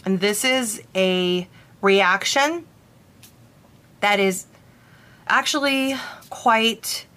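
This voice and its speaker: A young woman who works with brides casually telling a story about a spirit, animated and full of "like" fillers. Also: mid-range voice, extremely slow. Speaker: bridal stylist and medium.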